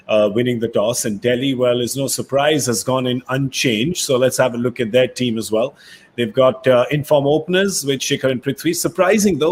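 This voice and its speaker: A man hosting a cricket talk show in a lively, joking way. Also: medium pitch. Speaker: host.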